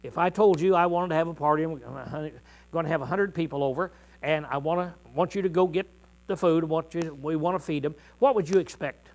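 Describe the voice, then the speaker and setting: A middle-aged male preacher teaching a congregation in a folksy, conversational way, often clearing his throat and pausing with "uh". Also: on the high side, a little mellow, low-quality recording. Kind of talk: informal Bible teaching to a congregation.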